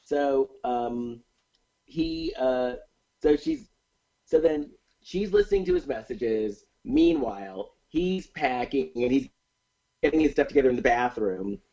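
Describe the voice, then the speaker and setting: A man's voice: mid-range voice, a little slow, gravelly. Guy retelling a movie plot on a podcast, voice jumps all over, kinda muffled lo-fi sound. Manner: animated retelling of a plot, with many fillers and restarts. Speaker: podcast co-host recapping a movie. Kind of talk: casual chat.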